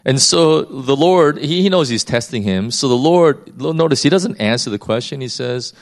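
A man's voice: medium pitch, lively intonation, moderate pace, gravelly. A man preaching in a conversational Bible-teaching style, often repeating words as he thinks.

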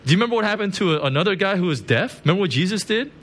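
Lively, chatty male pastor preaching. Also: high-pitched, rapid-fire. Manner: chatty, constant "right?" and "you know" asides; laughs at his own stories. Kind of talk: conversational sermon.

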